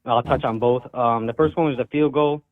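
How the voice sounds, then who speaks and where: A man calling in to a sports show, talking calmly and reflectively, disappointed but even-tempered. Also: mid-range voice, brisk. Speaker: caller. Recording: tinny phone line.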